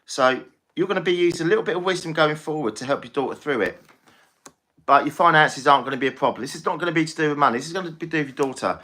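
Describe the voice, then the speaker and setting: A man's voice: on the high side, sharp tone. A man giving a live-stream tarot reading, chatty and reassuring, often repeating himself. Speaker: tarot reader.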